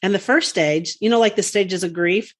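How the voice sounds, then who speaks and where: A woman's voice: medium pitch, moderate pace. A woman co-hosting a podcast in casual chat, talkative and rambling, with frequent laughs and fillers. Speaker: podcast co-host.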